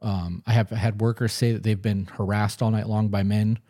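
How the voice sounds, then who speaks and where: Man, podcast co-host, lowish voice, warm mellow tone, blunt and profane, emphatic. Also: flat delivery, normal speed. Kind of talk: casual podcast conversation.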